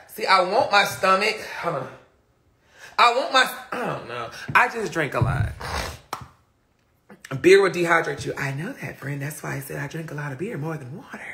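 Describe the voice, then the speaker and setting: Sassy male streamer: high, bright, gravelly voice with a slangy, dramatic delivery. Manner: animated, dramatic storytelling with lots of laughing; sassy, slangy, talks straight to viewers. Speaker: livestreamer. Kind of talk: casual live-stream chat.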